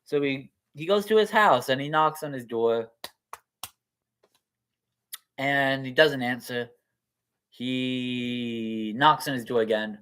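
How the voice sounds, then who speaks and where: Slow-talking man telling a story. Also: mid-range voice, background noise. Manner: animated, acts out characters. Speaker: speaker. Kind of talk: storytelling talk.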